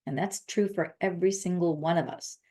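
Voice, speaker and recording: A woman's voice: on the low side, fairly even intonation, fairly quick, dark tone. A woman hosting a wellness video, talking earnestly to her viewers and repeating her key phrases for emphasis. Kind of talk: casual monologue to camera.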